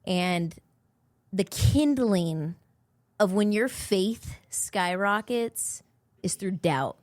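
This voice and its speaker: A woman's voice: medium pitch, animated, a little mellow, no echo. Thoughtful woman on a podcast. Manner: thoughtful, faith-focused, measured. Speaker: podcast guest, host's wife. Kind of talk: reflective podcast conversation.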